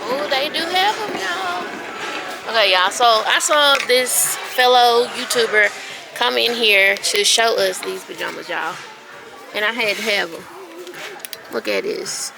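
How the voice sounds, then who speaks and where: A woman, chatting excitedly to viewers while filming a casual vlog outdoors and in a store. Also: mid-range voice, unhurried, gravelly, crowd noise, low-quality recording. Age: late 30s. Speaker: vlogger. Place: outdoors, then inside a discount store. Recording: music playing behind her.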